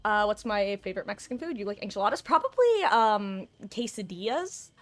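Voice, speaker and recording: Her voice sits in the mid range and moves briskly, captured in a dry recording. While live-streaming a game, she chats loosely with her audience, wandering through stories with animated energy and the occasional shriek.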